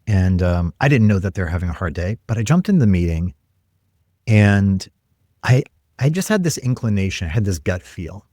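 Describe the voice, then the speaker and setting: Earnest male podcast guest, low-pitched voice, dry close sound, energetic storytelling. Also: moderate pace, dry recording. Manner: energetic, earnest, acts out quoted lines. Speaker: guest, tech leader.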